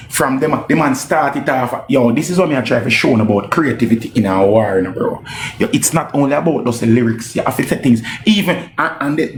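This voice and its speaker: A man with a Jamaican accent giving casual, animated reaction commentary on a live stream, repeating himself and swearing as he slips into patois. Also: medium pitch, echoey room, slight background noise. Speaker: music commentator.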